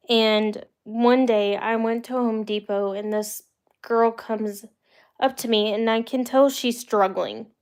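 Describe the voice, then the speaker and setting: On her livestream, a young adult woman from the United States rambles through personal stories for live viewers, chatty and casual, with an occasional laugh. Her voice is a little high with a clean tone.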